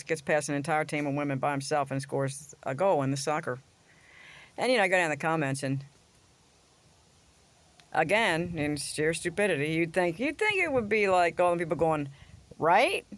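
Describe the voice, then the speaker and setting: Blunt, crude woman ranting on a vlog. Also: deep voice. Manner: sarcastic, swings into mocking voices. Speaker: vlogger. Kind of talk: casual opinion rant to camera.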